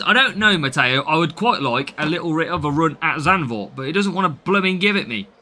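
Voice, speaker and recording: Greeting viewers by name and answering them, a young man from the English Midlands streams games with chatty live commentary. His voice leans high and has a sharp edge.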